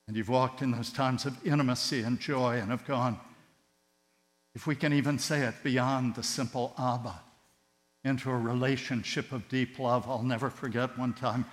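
A man preaching a sermon with passion, his voice surging loud on key words and then dropping to a hush. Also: mid-range voice, steady tone, normal speed. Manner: impassioned, swinging between loud emphatic rises and hushed tender drops. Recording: long hall reverb with mains hum.

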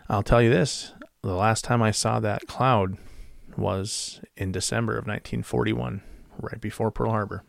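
A man's voice: fairly low pitch, moderate pace, gravelly, no room sound, clean studio sound. A middle-aged man, a former radio DJ, casually telling strange stories from his past with many fillers and restarts. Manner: relaxed, with frequent fillers and restarts. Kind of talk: casual storytelling.

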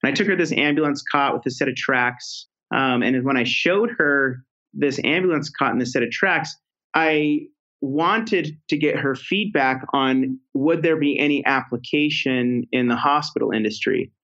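A man speaking as a guest on an interview podcast, telling stories in a loose, conversational way. He circles back and restarts his sentences often, with plenty of fillers along the way. His voice sits at a middle pitch, and the audio sounds a little dull and muffled. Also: normal speed, bright, forceful tone. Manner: rambling, many fillers and restarts. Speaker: podcast guest, product executive.

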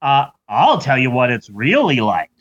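A man's voice: medium pitch, wildly swooping pitch, moderate pace, a bit bright, pitched below the performer's own voice. A man voicing a blunt, boastful adult male prison inmate. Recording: lo-fi recording.

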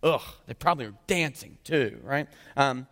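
In an echoey church sanctuary, a pastor in his thirties gives a casual, joking sermon, repeatedly checking in with "right?". His medium-pitched voice is expressive and fairly bright, moving at a moderate pace.

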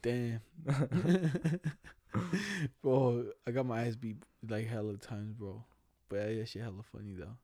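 A man's voice: mid-range voice, steady tone, slow, warm tone, dry recording, studio quality. A young man telling funny childhood stories in casual chat, full of slang and laughter, acting out the voices of people in them.

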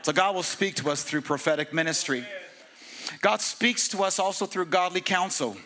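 A male pastor preaching an energetic, casual sermon with slang and humor at a church service. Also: sits high, normal speed.

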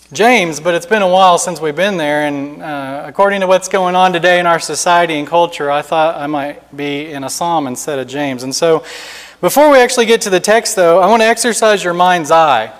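A man's voice: on the high side, moderate pace, in a large hall. A man preaching as a guest in a church, telling a vivid imagined scene with building drama. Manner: dramatic storytelling, building intensity. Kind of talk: sermon with imaginative narration.

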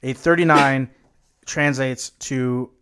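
A man's voice: mid-range voice, fairly even intonation, takes it slowly, sharp tone, clear, resonant tone. A young American man co-hosting a podcast, chatting casually, laid-back and swearing, rambling a bit. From United States. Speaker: podcast co-host. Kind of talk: casual chat.

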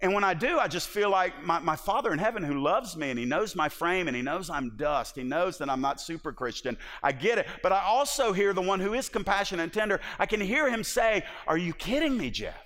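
A man's voice: high voice, a little fast, hardly any pauses, fairly bright tone. A man preaching a sermon in an impassioned, emphatic way, often restarting his words. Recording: long reverb of a large hall.

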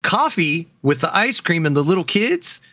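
A man doing a slow, rambling impression of an elderly male politician. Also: fairly high pitch, very animated, pushed and bright, no room sound, clean studio sound, heavily acted.

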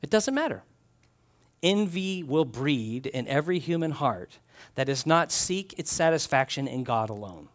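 A man preaching a sermon, reading scripture aloud and telling stories with animated little acted-out scenes. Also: a little high, normal speed. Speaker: pastor.

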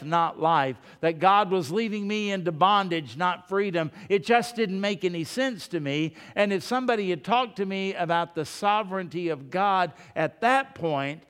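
A man delivers a sermon in a high, smooth, resonant voice, talking to his congregation like folks across the table and asking one rhetorical question after another. His words ring out with the long reverb of a large hall. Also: a bit bright. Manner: conversational, full of rhetorical questions; addresses the congregation directly as folks. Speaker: preacher.

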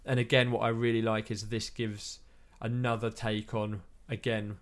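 A man's voice: lowish voice, flat delivery, moderate pace. A man chatting casually about films, rambling with many fillers and restarts. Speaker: podcast co-host.

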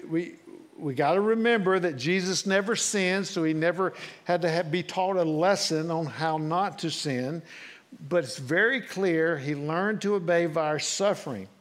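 A man preaching a sermon. His voice sits a little high for a man and talks straight to the congregation with questions. It swings between raised emphasis and low, hushed passages. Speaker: pastor.

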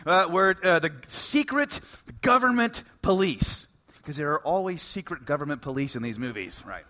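A man preaching a sermon, in an animated, conversational way with bits of humor. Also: on the high side. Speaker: pastor.

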